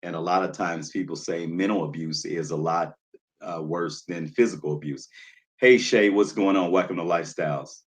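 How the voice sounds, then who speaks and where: This man's deep voice moves at normal speed as he runs a casual livestream. He's nervous and jittery, rambling loosely with lots of fillers and greeting people in the chat by name.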